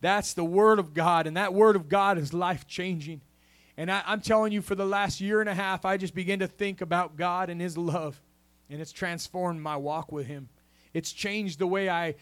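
A man's voice: high-pitched, steady tone, normal speed, fairly bright tone. A man preaching a sermon in a church, punctuating with a call of "amen?" and a rising preacher cadence. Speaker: pastor.

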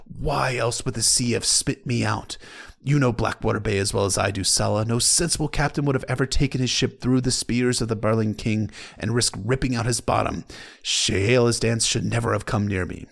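A feverish, stubborn older sailor-knight, read out by a man speaks with grim determination. His voice is gravelly and his tone is steady, like a character in a storybook reading. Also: mid-range voice, moderate pace. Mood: determined.

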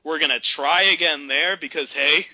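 A man calling in to a radio show, telling a long, exasperated story in a casual, animated way. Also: on the high side, normal speed, no room sound. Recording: dull lo-fi radio broadcast.

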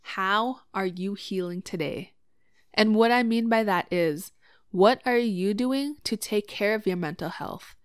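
A woman hosting a casual solo podcast, chatting about her streaming, swearing freely and getting animated when excited. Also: medium pitch, unhurried, clear, resonant tone, dry recording, clean studio sound. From Cree community in Canada. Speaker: podcast host.

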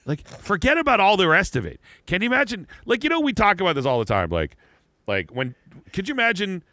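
A man co-hosting a loose comedy podcast, his voice swinging widely in pitch and sounding bright and forward. He rambles with lots of "like" and laughter. The recording is dry and close. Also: fairly quick, no room sound. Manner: rambling, animated, frequent "like" and laughter, playful mock voices. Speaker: podcast co-host. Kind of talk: casual comedic chat.

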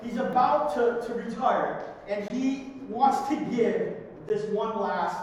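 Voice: mid-range voice, expressive, slow pace. A pastor giving a conversational sermon who keeps tagging points with "right?". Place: church sanctuary. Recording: distant, echoey hall recording with faint noise.

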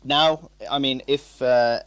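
A man in a casual chat, speaking in a measured, slightly hesitant way. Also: medium pitch, steady tone, fairly bright tone, clear, resonant tone, dry recording. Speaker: podcast guest.

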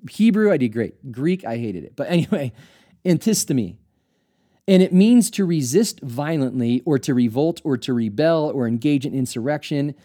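Male teacher-pastor, mellow low-brightness voice, earnest and explanatory, uses rhetorical questions. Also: lively intonation, moderate pace. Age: adult, studied at seminary. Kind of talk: teaching talk on scripture.

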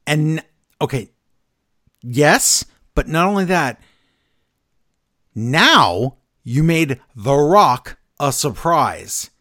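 A man's voice: on the high side, drawn-out words, long pauses, no room sound, clean studio sound. A man co-hosting a casual wrestling podcast, eagerly retelling scenes and acting out quotes. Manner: excitable storyteller, recaps scenes and acts out quotes. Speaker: podcast co-host.

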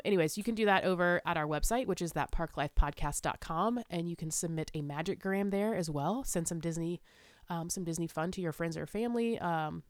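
A woman's voice: fairly low pitch, no echo. A woman co-hosting a podcast in casual chat, talkative, with lots of fillers and laughter. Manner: chatty, laughs often, many fillers. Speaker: podcast co-host.

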